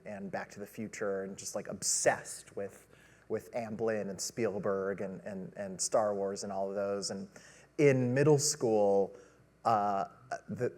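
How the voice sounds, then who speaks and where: A man in his thirties, a director of photography, talking eagerly on an expo panel with lots of fillers. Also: on the low side. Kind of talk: panel conversation. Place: stage at a trade expo. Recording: reverberant expo hall.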